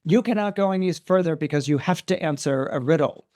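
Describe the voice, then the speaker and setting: A man's voice: fairly high pitch, a little fast, darkish tone, no echo, clean studio sound, close to an everyday voice. A man voicing a menacing, imperious female sphinx who sets a deadly riddle.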